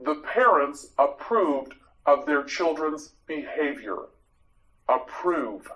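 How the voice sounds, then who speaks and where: A man teaching English vocabulary to learners, repeating each word clearly and praising patiently. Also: on the high side, lively intonation, takes it slowly, fairly bright tone, low-quality recording. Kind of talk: vocabulary drill lesson for learners.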